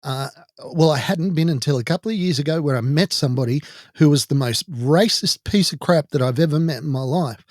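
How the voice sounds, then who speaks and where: A man's voice: on the high side, fairly quick, no echo. Indignant Irish man, dry close sound. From Ireland. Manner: indignant storytelling. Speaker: podcast host. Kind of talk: personal monologue.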